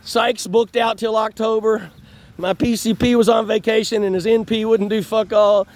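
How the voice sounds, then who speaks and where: A vlogger in his fifties, in chronic pain, rambles casually outdoors on an urban street. He has a high voice with fairly even intonation and a moderate pace, swearing often and laughing between phrases.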